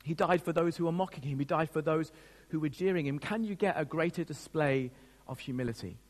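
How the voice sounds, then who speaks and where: A male pastor preaches a sermon in an earnest, emotional tone. He often restarts his sentences as he speaks. His somewhat high voice carries a long hall reverb. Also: a little fast.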